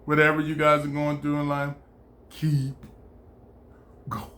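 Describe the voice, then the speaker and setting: A man giving an animated, preachy motivational monologue, laughing often and swearing freely. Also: a little high, a little slow. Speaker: vlogger.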